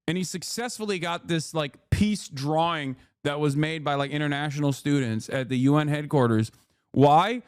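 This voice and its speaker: A man hosting a stream, giving casual, sarcastic, animated commentary with some cursing. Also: a little high, moderate pace, smooth, dry recording, studio quality. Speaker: streamer host.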